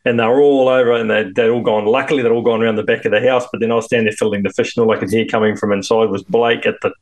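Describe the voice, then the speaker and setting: A man's voice: medium pitch, little pitch movement, very fast. A man in his thirties with a New Zealand accent, a podcast co-host telling stories and dad jokes. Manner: laid-back, tells dad jokes, laughs easily. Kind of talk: casual chat.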